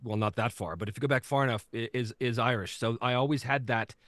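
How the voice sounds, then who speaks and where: A man talking as a guest storyteller and game master in a casual interview, animated and acting out voices as he tells stories. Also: mid-range voice, fast, dry recording.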